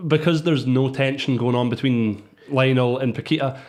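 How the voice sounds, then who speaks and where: A man's voice: medium pitch, steady tone, moderate pace, a little mellow. A man with a Scottish accent co-hosting a casual film podcast, plainly recapping the story for his friends. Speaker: podcast co-host. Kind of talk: casual film review chat.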